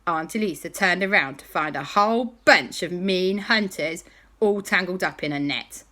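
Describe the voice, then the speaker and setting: A woman telling an animated, playful bedtime story. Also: on the low side, moderate pace.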